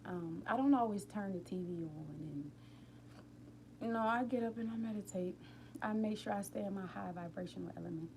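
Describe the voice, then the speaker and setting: A woman hosting a casual live stream from home late at night, rambling warmly and talking straight to her viewers about healing and feelings. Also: mid-range voice, fairly quick, a little hiss or hum. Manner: openly emotional, tearful at times. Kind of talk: casual inspirational chat.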